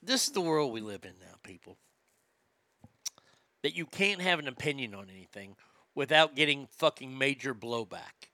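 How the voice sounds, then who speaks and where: A man hosting a comedy show, ranting loudly and profanely and mocking celebrities. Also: medium pitch, expressive, normal speed, long pauses, no echo. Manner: loud, profane, mocking, laughs at own jokes. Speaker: comedy podcast host. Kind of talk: crude comedic rant.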